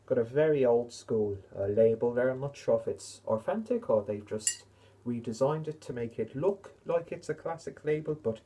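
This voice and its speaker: A man talking in a deliberately put-on Irish accent, chatting in a rambling, self-mocking way as he hosts a casual beer review vlog. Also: mid-range voice, mellow.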